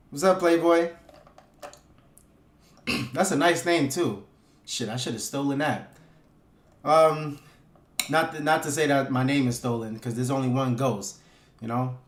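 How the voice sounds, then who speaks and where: Hyped-up streamer man, echoey room. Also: fairly high pitch. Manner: hyped, loose and profane, chatting with viewers. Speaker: livestream host. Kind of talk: casual livestream commentary.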